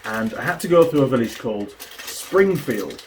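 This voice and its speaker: A man, a mechanic and video host, chatting and telling animated stories while building a kit. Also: mid-range voice, normal speed, slight background noise. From New Zealand. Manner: chatty, animated storyteller with a laugh. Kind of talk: casual chat while building a model kit.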